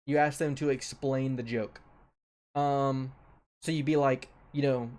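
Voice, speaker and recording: A man's voice: medium pitch, steady tone, a little slow, a little mellow. A young man giving casual commentary as a streamer ranking a tier list, offhand and loose, often repeating his own phrases.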